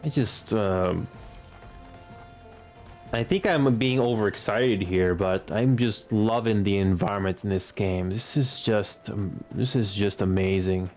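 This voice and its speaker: A man in his late twenties giving casual gameplay commentary as a streamer. He talks in a halting way, stumbling over and restarting words. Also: lowish voice, a little mellow, faint music behind. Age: late 20s.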